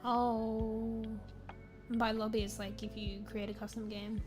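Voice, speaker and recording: Her voice on the high side, a fatigued female streamer speaks in a level tone at a measured pace. She chats casually and playfully with her viewers, rambling and correcting herself often while game music plays.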